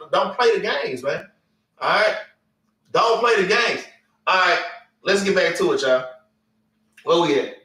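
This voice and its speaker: A man's voice: sits high, bright, forceful tone, distant mic. A man teaching a Bible class, preaching bluntly with slang and cursing, and often tagging "man" and "all right". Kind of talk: informal preaching with scripture reading. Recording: echoey room, away from the mic.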